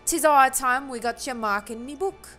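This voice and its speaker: A woman voicing a gruff, jovial tavern keeper man in a put-on old sailor brogue, with rough, drawled speech. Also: sits high, normal speed, pushed and bright, soft background music, voice pushed up. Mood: hearty. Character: gruff pirate-ish tavern keeper man, hearty and boastful.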